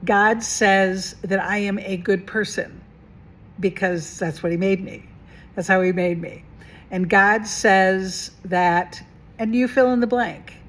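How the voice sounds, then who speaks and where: In a steady, medium-pitched voice, a woman takes her time talking to viewers in a casual self-help vlog, where she acts as a mentor and coach. She's chatty, asks rhetorical questions and repeats phrases for emphasis.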